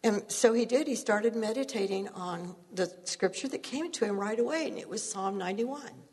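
A woman's voice: mid-range voice, moderate pace, a little mellow, breathy edge, long reverb tail. A woman preaching a sermon, telling stories earnestly and laughing at herself now and then.

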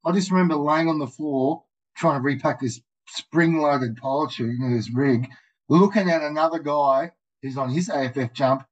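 A man with an Australian accent spins loose, animated stories, swearing freely and calling the listener "mate". His voice sits a touch high for a man. The audio is muffled and lo-fi. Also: moderate pace. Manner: rambling, profane, animated anecdotes, frequent "mate" and "dude". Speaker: guest, skydiver. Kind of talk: casual storytelling.

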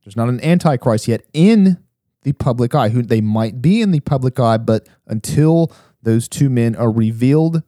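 A man hosting his own religious podcast, talking fast and urgently with frequent restarts. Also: mid-range voice, expressive, mellow, dry recording, studio quality. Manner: fast, urgent, self-interrupting. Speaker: podcast host.

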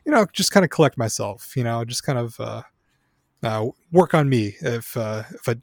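A man's voice: mid-range voice, animated, normal speed, gravelly, darkish tone, no room sound, clean studio sound. A man co-hosting a podcast in casual chat, speaking hesitantly with many fillers. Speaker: podcast co-host.

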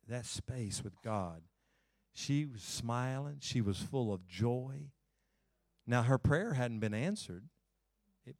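A male pastor preaching a sermon in a conversational way, swinging between emphatic lines and hushed, quiet ones. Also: mid-range voice, no room sound, studio quality.

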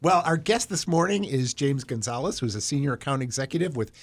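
A man's voice: mid-range voice, expressive, brisk. A man hosting a morning radio show in a joking, playful way, introducing guests. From Midwest. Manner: jokey, playful. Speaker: radio host. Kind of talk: casual morning radio chat.

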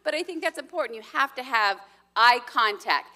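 Bright, high-voiced woman. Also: animated, normal speed. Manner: earnest and personal, with laughter. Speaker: pastor's wife, co-speaker. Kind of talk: sermon on marriage, shared with her husband.

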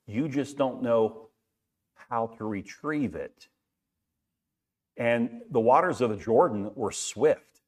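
A man's voice: medium pitch, animated, takes it slowly, pauses often, darkish tone. A middle-aged man preaching a sermon in a conversational way, asking rhetorical questions and often repeating words. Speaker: pastor.

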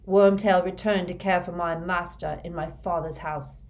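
A woman reading a fanatical young male dark wizard's confession in a flat, hushed monotone. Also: lowish voice, normal speed, lightly acted. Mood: confessing.

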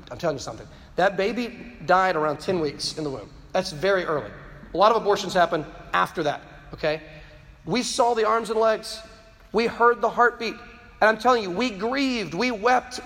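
Male speaker, high voice, fervent preaching delivery, stammering repeats for emphasis, long hall echo; addressing students. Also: fairly bright tone. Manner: impassioned, repeats words when stressing a point. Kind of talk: preaching-style talk to a live audience.

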